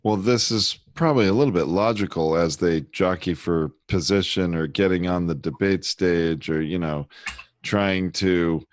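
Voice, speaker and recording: A man's voice: low-pitched, moderate pace, no room sound. A man co-hosting a podcast, chatting casually and hesitantly. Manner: hesitant, many fillers and restarts. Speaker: podcast co-host. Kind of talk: casual chat.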